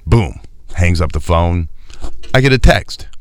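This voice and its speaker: A man's voice: low voice, measured pace, no room sound. A man telling a profane comedic story in casual chat, acting out quoted lines. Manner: profane, animated, acts out quotes.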